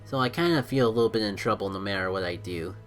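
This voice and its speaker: A man streaming a mobile game, giving live commentary as he thinks out loud about his moves and is quick to blame himself. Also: on the low side, faint music behind. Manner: excitable, thinks aloud, self-critical.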